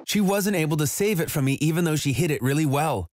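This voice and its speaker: A man's voice: a little high, lively intonation, fast talker, darkish tone, no echo, studio quality. Man narrating a scripted story. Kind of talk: scripted first-person storytelling.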